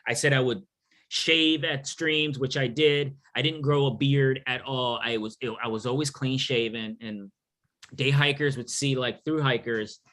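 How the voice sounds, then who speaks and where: A man's voice: medium pitch, steady tone, a little slow, a bit bright. A middle-aged man from New York City telling a story casually in a Q&A, joking and acting out the voices of people he quotes. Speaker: author and thru-hiker guest.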